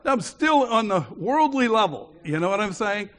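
A man's voice: high voice, sing-song, normal speed, fairly bright tone. A man preaching a sermon, telling a personal story with frequent chuckles. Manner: chuckles often while telling stories.

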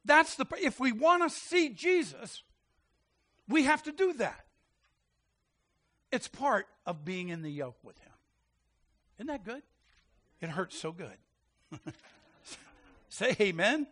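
Animated, high-voiced male preacher. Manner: animated, quick to laugh, calls out to the congregation. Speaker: pastor. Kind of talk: sermon.

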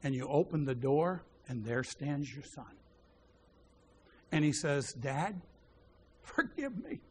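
A man preaching a sermon, telling a story and acting out the voices in it, dropping to a hushed voice when he quotes a prayer. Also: mid-range voice, measured pace, slight background noise. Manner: animated storyteller who acts out the dialogue.

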